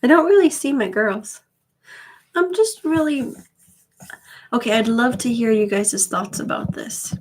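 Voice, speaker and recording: A woman's voice: a little high, lively intonation, unhurried, long pauses, low-quality recording. A woman in her thirties chatting casually on a live stream, rambling with wry asides. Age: 30s. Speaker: vlogger.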